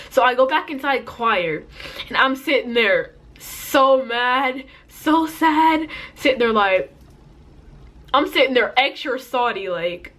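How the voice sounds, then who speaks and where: A teenage girl telling an animated, slangy storytime, putting on voices for the people in it. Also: sits high, normal speed. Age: teens. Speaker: vlogger. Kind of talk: storytime vlog.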